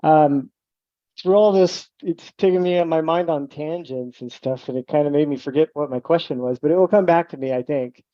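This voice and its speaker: A man's voice: a little high, moderate pace, no echo. A man calling in to a live online session, rambling casually as he searches for his point. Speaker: caller. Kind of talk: casual chat. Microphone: video call. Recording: dull, dry video call audio.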